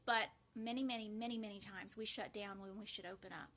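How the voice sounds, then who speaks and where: A woman's voice: mid-range voice, fairly even intonation, quick pace, a bit bright. A woman, hosting a casual live video and talking earnestly to viewers, with many fillers and restarts. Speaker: host of a grief support live video.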